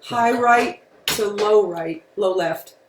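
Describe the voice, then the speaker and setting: A woman's voice: mid-range voice, slow, far from the mic. A woman podcast co-host chatting casually and echoing her co-host's lines. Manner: chatty, echoes the other host.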